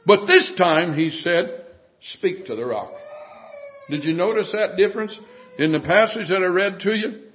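A male preacher delivering an emphatic sermon, often dropping to hushed tones. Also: high-pitched, normal speed, slight background noise. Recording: dull lo-fi sermon recording.

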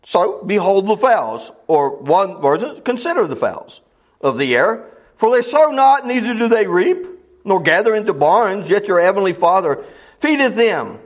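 A middle-aged man preaching a folksy sermon, quoting scripture in old wording and swinging from loud highs to low murmurs. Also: very animated, normal speed.

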